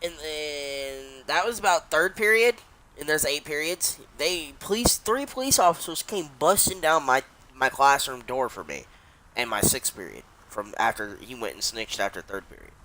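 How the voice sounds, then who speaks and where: A man's voice: a little high, expressive, normal speed, pushed and bright. A young adult man casually telling a long story while he streams a game, rambling and swearing, with many restarts.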